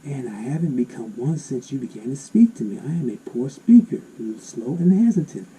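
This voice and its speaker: A man reading Bible verses aloud and explaining them in an animated, exclaiming way. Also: medium pitch, moderate pace, a little hiss or hum, rough recording. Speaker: Bible teacher.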